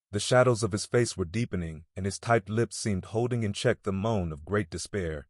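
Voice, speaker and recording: A man reading a classic novel aloud as an audiobook narrator, in a measured, steady way. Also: fairly low pitch, no room sound, clean studio sound.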